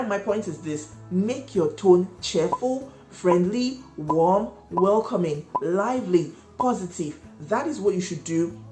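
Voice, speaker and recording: A woman's voice: lowish voice, a little mellow. A woman running a cake business, giving emphatic advice to viewers, repeating key points and asking them questions. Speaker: cake business owner and channel host. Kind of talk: instructional vlog talk. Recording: echoey room with faint music.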